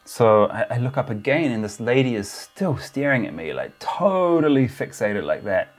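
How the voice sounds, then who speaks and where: A man's voice: mid-range voice, very animated, normal speed. A man telling a travel story in a casual, chatty way, full of filler words. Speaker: travel vlogger.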